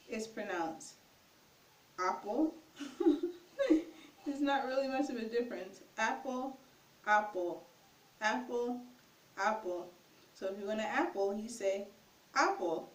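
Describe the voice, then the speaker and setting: A woman tutor with a slightly high voice runs a casual vocabulary lesson, repeating each word slowly and carefully. She talks at an unhurried pace and admits when she is unsure of a pronunciation. She sits back from the mic, and the room gives her voice a noticeable echo. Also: a little mellow. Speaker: language tutor. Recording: echoey room, far from mic.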